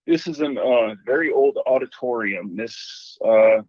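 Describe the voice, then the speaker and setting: A man's voice: mid-range voice, unhurried, no room sound. Man telling a ghost story by phone. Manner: animated storytelling, acts out quoted voices. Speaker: caller. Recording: dull phone line.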